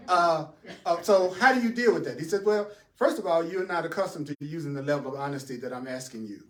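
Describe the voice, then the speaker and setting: A man leads a spiritual class with an animated, chuckling delivery, his voice sitting a little high. He keeps asking rhetorical questions and answering them himself. The sound is roomy and distant, as if the mic sits well away from him. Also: quick pace. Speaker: spiritual teacher. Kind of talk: teaching a class.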